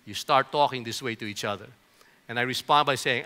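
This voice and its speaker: Man, middle-aged, pastor, bright forceful voice, chatty sermon storytelling, stumbling restarts. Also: medium pitch, brisk. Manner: conversational storytelling, often repeats words in restarts. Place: church auditorium.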